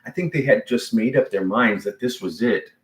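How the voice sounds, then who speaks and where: A man's voice: on the low side, moderate pace. A man pastor preaching a sermon in a conversational way, full of fillers and restarts. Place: church sanctuary. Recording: echoey church sanctuary.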